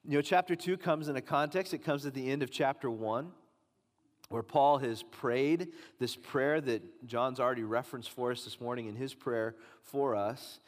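Emphatic preacher in a reverberant hall. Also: male voice, medium pitch, normal speed. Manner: emphatic preaching, rising and pressing on key lines. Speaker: pastor. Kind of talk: sermon. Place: church sanctuary. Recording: long reverb of a large hall.

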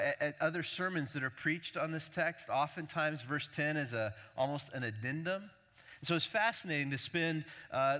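A man's voice: mid-range voice, pushed and bright. A man preaching a sermon as a pastor, emphatic, repeating key words and building intensity. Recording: long hall reverb.

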